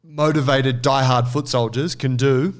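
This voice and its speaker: A man, co-hosting a casual chat and telling an animated, sweary story. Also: medium pitch, a little slow. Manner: animated storyteller, swears freely, acts out quotes. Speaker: podcast co-host.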